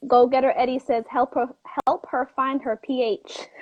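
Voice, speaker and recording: A woman hosting a casual talk show, chatting in a lively, quick way and laughing easily. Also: high voice, lo-fi sound. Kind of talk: casual chat.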